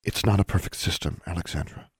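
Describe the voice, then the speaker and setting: Strict lady dean talking all measured and formal, guy narrator in his own low voice. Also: creaky, slightly rough, no echo, clean studio sound, full character voice. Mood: guarded. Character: stern, evasive woman school dean.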